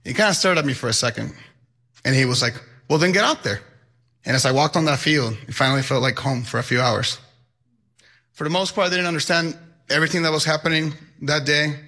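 Young guy telling his life story, bright forceful voice, earnest. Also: mid-range voice. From Mexico. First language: Spanish. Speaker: high school Spanish teacher. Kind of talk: personal storytelling.

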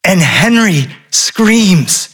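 A middle-aged man telling a personal story before a live audience, with a touch of wry humor. His voice sits a little high for a man, and he acts out the lines of the people in his tale. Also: drawn-out words, breathy edge. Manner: wry, animated, acts out quotes.

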